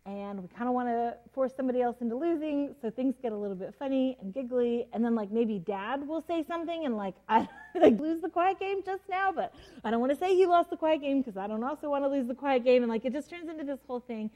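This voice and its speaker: Over a rough recording, a mother teaches a Bible story in a warm, slightly high voice at a quick pace. She's casual and chatty, using lots of fillers, laughing often, and acting out the quotes.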